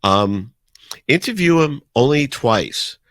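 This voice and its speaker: A man in his sixties, a radio DJ as a guest, telling animated anecdotes in casual conversation. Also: mid-range voice, slow, no echo, studio quality. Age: 60s. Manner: animated anecdotes with acted-out quotes. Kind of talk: casual storytelling.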